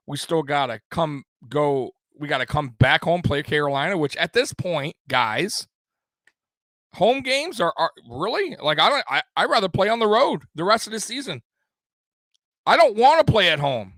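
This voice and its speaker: Fired-up, cursing sports stream host. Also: male voice, a little high, lively intonation, moderate pace, a bit bright, no echo. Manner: profane, heated, repeats himself. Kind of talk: angry live postgame rant.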